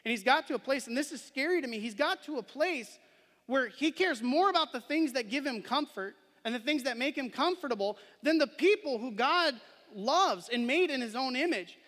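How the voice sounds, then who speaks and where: His very high-pitched, expressive voice moves at normal speed with a fairly bright tone as he preaches in a church sanctuary under long hall reverb. He reads scripture, then explains it casually, regularly asking the listeners questions and adding "right?"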